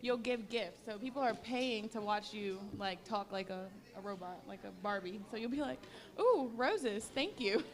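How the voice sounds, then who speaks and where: A woman's voice: medium pitch, steady tone, moderate pace, hardly any pauses. A young woman guest on a casual podcast, chatty and frank, often giggling.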